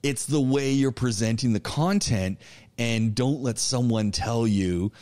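A man teaching an online public speaking class, lecturing in an animated, coaching way with frequent restarts. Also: mid-range voice, normal speed. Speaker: college public speaking instructor.

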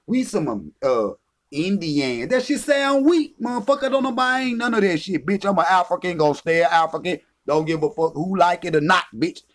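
A man's voice: high-pitched, brisk, few pauses. Heated, profane man ranting on camera. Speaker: vlogger. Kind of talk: confrontational rant.

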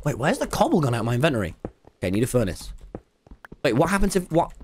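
A young man streaming a game, talking to chat, swearing and bursting into yells. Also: mid-range voice, fast talker, a little hiss or hum. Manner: excitable, swearing, yelling bursts. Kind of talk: gaming livestream commentary. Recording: game music behind the voice.

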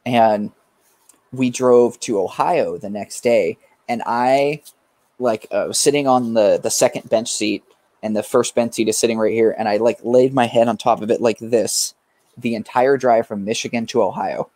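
A man's voice: medium pitch, fairly even intonation, normal speed, a little mellow, no echo. A young man from California, a guest musician, telling a rambling story in a casual chat with fillers and swearing.

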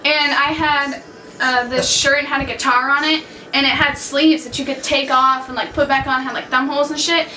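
A young woman with a high, bright voice, telling brash stories and swearing freely, laughing often. She was recorded from a distance in an echoey room with faint background noise. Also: fairly even intonation, normal speed. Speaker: co-host of a couple's vlog. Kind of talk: casual storytelling chat.

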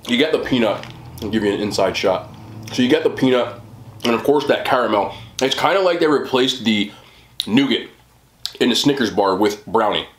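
A man's voice: medium pitch, echoey room. A man hosting a casual food review video, talking in an enthusiastic, chatty, rambling way. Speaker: mukbang host.

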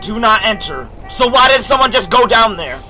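A young man streaming a game, talking loudly and excitedly in jokey slang, swearing often and reacting out loud. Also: high voice, normal speed, soft background music. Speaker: gaming streamer. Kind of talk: live gameplay commentary.

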